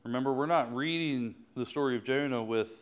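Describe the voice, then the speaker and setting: Male pastor, smooth resonant voice, fervent sermon delivery. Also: mid-range voice, brisk. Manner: impassioned, rising to fervent prayer. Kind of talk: sermon closing and prayer.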